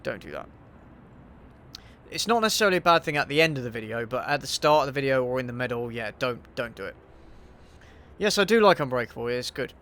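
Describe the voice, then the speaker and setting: A man's voice: medium pitch, lively intonation, fast talker, long pauses, fairly bright tone. Offhand, sweary man on a stream. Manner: offhand, sweary, mutters to himself while playing. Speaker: YouTube host. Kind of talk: casual livestream Q&A while gaming.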